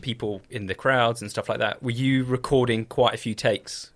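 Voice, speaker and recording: A man hosts a casual talk show. He asks his questions in a relaxed, rambling way, with an ordinary mid-pitched male voice. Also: normal speed, slight background noise. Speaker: podcast host, interviewer. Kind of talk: casual interview chat.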